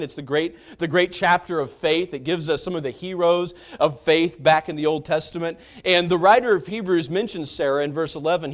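A man's voice: fairly high pitch, lo-fi sound. A man preaching a sermon as pastor, telling the story in a conversational way with frequent restarts.

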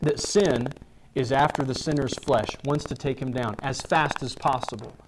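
A man's voice: mid-range voice, fairly even intonation, moderate pace, background noise. A man preaching a sermon in a loose, rambling way, full of restarts and asides. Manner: casual, rambling, with many restarts. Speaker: pastor.

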